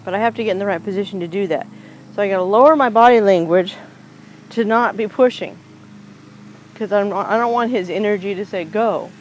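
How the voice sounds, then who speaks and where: A horse trainer talks through a groundwork session outdoors in a relaxed, chatty way. The speaker's pitch sits mid-range, and a faint outdoor hiss runs underneath. The voice is picked up by a camera standing nearby. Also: brisk, low-quality recording. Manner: chatty, explains each step aloud, talks to the horse in coaxing baby talk. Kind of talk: casual explanatory groundwork demo. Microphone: camera set up nearby on the ground.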